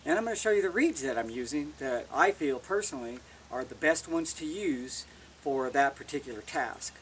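A man's voice: medium pitch, expressive, normal speed, a bit bright, distant mic, slight background noise. A man giving a casual, plain-spoken how-to demonstration as an elk-calling instructor, often restarting words.

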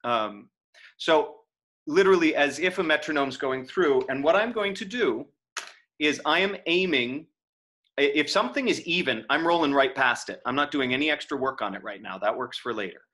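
A man lecturing acting students on verse in a bright, clear voice. He talks casually, filling pauses with "um" and checking in with "right?". He reads lines out in a steady, metronome-like beat. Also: a little high. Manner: profane aside. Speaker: acting teacher.

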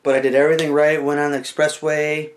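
A man's voice: fairly high pitch, little pitch movement, fast. A young man telling a rambling, casual comic story to the camera, full of "like" and "you know" as he acts out moves.

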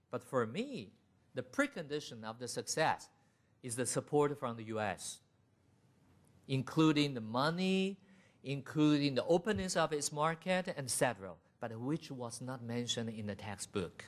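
A middle-aged man lecturing at a university, with a voice of ordinary pitch for a man. He speaks deliberately and walks through his points one item at a time, in a lecture-hall setting. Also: expressive. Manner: deliberate, enumerating points in lists. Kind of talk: academic lecture.

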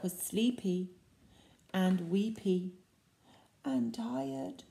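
Slow, expressive woman reading to children. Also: lowish voice. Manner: expressive, slow, drops to soft whispers for asides to children. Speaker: storyteller for children. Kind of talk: picture-book read-aloud. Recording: echoey room.

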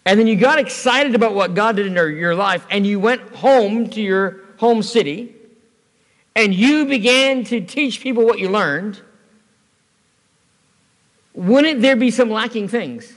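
A man's voice: high-pitched, unhurried. A man preaching an evening sermon as pastor, conversational and storytelling, asking the congregation rhetorical questions. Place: church. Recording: church hall reverb.

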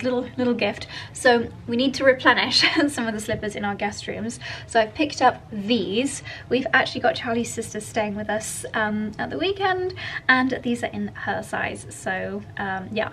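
A woman's voice: a little high, slight background noise. A woman chatting in a casual, bubbly home vlog, with playful asides. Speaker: lifestyle vlogger. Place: home indoors.

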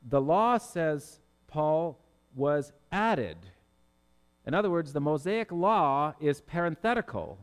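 Pastor guy preaching, kinda high voice, chatty, slows down for the verses, lots of hall echo. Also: expressive, smooth. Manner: conversational, gently self-correcting, reads verses slowly. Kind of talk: expository sermon reading and explaining scripture.

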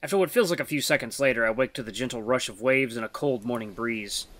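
A game streamer reading the narration of a visual novel aloud in a lowered, steady voice. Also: quick pace, no room sound.

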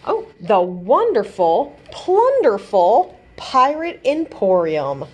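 A woman librarian reads a rhyming picture book aloud for children's bedtime storytime, taking her time with each line. Her fairly high voice swoops widely up and down in an animated, sing-song way. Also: slow pace, slight background noise.

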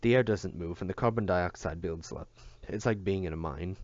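A man voicing a second, jumpy male farm patrolman in a storybook reading, with excitable exclamations. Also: sits low, moderate pace, dry recording, muffled recording, natural voice. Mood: explaining.

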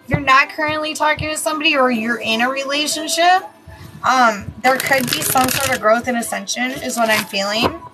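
A woman's voice: high-pitched, fairly quick, over music, poor audio. A woman giving casual live tarot readings, talking bluntly and chattily, swearing freely and laughing at herself. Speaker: tarot reader.

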